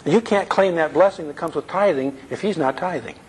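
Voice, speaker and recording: A man's voice: on the high side, brisk, darkish tone, rough recording. Earnest man preaching, light hiss. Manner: earnest, asks the audience questions. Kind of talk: conversational sermon.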